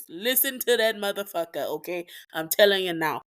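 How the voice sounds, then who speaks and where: A woman's voice: medium pitch, brisk, few pauses, clear, resonant tone. A woman hosting a podcast, telling a personal story in a blunt, profane, emotional way with emphatic repetitions. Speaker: podcast host.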